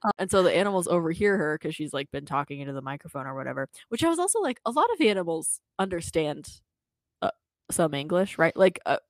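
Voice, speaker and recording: A young woman casually recapping a cartoon episode with a co-host, incredulous and quick to laugh. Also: sits low, sing-song, no room sound. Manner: chatty, incredulous, laughs often, acts out quoted lines. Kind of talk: casual chat.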